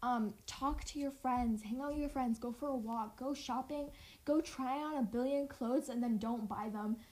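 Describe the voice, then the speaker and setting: A woman's voice: fairly high pitch, moderate pace, darkish tone, low-quality recording. A teenage girl co-hosting a casual home podcast, giggly and rambling. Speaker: podcast co-host. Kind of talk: casual chat.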